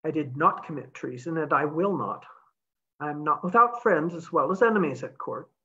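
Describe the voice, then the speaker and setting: A woman reading aloud, voicing a stubborn man who speaks calmly and firmly. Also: low-pitched, moderate pace, highs cut off, exaggerated voice. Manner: calm, stubborn. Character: stubborn man, steady soldier.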